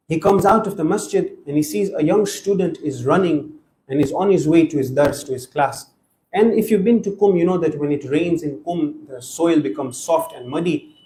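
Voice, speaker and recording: A man's voice: fairly high pitch, dark tone, roomy sound, rough recording. A man giving an earnest Muharram sermon, telling stories and acting out the dialogue in them. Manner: earnest preaching, acts out quoted dialogue. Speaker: speaker at a Muharram majlis. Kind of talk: sermon storytelling. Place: mosque or hall gathering.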